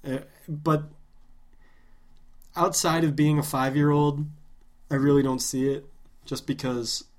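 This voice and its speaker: A man's voice: a little high, steady tone, takes it slowly. A man co-hosting a podcast in casual chat, making wry, sardonic remarks. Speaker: podcast co-host.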